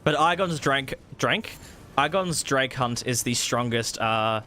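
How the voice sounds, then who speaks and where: A man streaming a video game, giving excitable live commentary, swearing freely and laughing often. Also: medium pitch, slow, a little hiss or hum. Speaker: gaming streamer.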